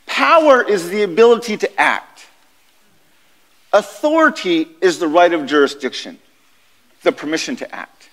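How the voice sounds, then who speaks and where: High-voiced man preaching in an echoey chapel. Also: unhurried, long pauses. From United States. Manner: animated storytelling, conversational. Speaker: guest chapel speaker. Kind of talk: sermon. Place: university chapel.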